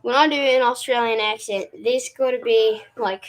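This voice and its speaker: A man putting on a high, squeaky voice for an eager, gushing male sidekick. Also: fairly even intonation, moderate pace. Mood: chirpy. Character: squeaky excitable male sidekick named Doug.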